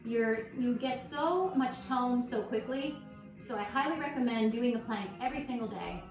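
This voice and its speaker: A woman guiding a yoga class at home, calm and encouraging as she talks listeners through each pose. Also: fairly high pitch, normal speed. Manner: calm, encouraging, gently instructive. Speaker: yoga instructor. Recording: echoey room with faint music.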